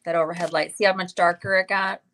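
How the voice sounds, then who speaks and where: A woman's voice: lowish voice, steady tone, fast, a bit bright. A woman co-hosting a livestream tarot reading, chatting casually and muttering to herself while she shuffles cards. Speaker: tarot reader and livestream co-host.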